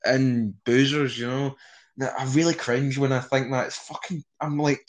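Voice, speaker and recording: A man's voice: mid-range voice, steady tone, moderate pace. A young Scottish man chatting casually in an interview, rambling with frequent restarts and swearing. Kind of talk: casual conversation.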